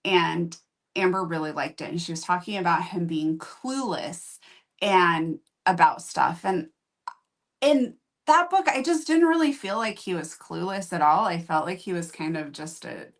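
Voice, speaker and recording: A woman's voice: on the low side, animated, a little slow. A woman hosting a book review show, chatting casually and candidly, with rambling asides. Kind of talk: casual chat.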